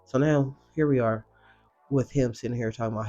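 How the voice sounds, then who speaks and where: A man walking through a show recap in easygoing, slang-heavy talk, cursing without a second thought. His voice sits at an ordinary middle pitch. Soft music plays faintly underneath. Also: a little fast. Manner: slangy, expressive, swears freely. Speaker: reaction video host. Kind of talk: casual recap commentary.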